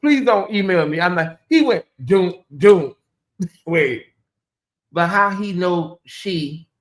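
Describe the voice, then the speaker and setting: A man hosting a casual live-stream commentary, chatty and animated, often calling out to viewers. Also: high-pitched, slow. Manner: animated, chatty, laughs and addresses viewers as y'all. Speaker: commentary channel host.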